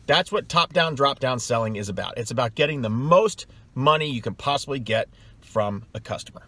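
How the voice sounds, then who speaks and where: Pushed and bright, his mid-range voice moves a little fast with lively intonation and no echo. The middle-aged man gives salespeople blunt, scornful advice on his vlog, repeating points emphatically to make them stick.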